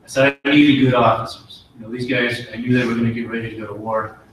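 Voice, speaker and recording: A middle-aged man, an army officer, giving an earnest promotion speech and telling a folksy story with pauses and restarts. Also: mid-range voice, fairly even intonation, far from the mic, slight background noise. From United States. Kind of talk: ceremony speech with war story. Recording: very echoey hall, voice from afar.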